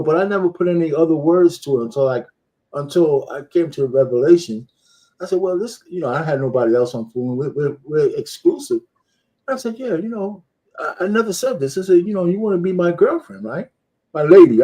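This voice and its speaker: A man on a panel, relaxed and anecdotal, telling a personal story and quoting himself along the way. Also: fairly high pitch, fairly quick. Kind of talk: casual storytelling.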